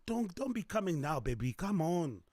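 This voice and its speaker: Man putting on a hushed, teasing seductive woman. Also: sits high, sing-song, moderate pace, slight background noise. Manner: teasing, coaxing. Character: flirty seductive woman teasing her lover.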